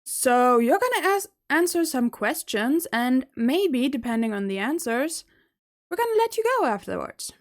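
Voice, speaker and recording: Brief: blunt, joking woman player, slightly high voice. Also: very animated, normal speed. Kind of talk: casual tabletop chat.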